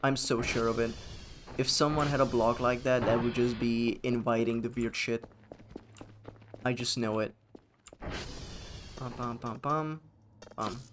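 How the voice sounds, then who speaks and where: A man's voice: medium pitch, fairly even intonation, measured pace, long pauses, background noise. Male streamer, casual live gameplay talk, sardonic and foul-mouthed, mid-range voice. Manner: sarcastic, swearing, joking with chat.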